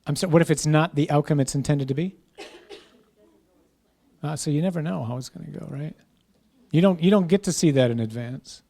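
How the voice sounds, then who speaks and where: A man's voice: fairly high pitch, fairly quick, vocal fry, long pauses, mellow. A man, a parish priest, teaching a class in an informal conversational way, often checking in with "right?" and "huh?".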